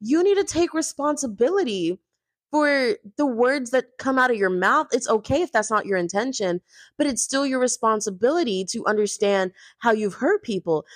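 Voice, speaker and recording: A woman voicing a hurt but firm young woman on a reality show, speaking in a low, measured, earnest way. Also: no echo, clean studio sound, lightly acted.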